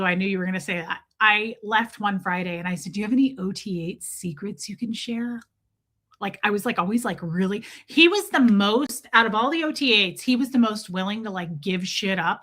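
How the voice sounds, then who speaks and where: Bright-voiced woman telling a candid story. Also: medium pitch. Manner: candid, profane, chatty, answers viewer comments. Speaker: livestream host. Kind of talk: casual storytelling livestream.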